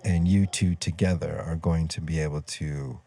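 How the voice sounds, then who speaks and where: A man's voice: extremely low pitch, steady tone, normal speed, dark tone. A middle-aged man telling a personal story outdoors in a loose, rambling way, full of fillers and side tracks. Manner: rambling, loses his train of thought, many fillers. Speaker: storyteller vlogger. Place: outdoors near trees.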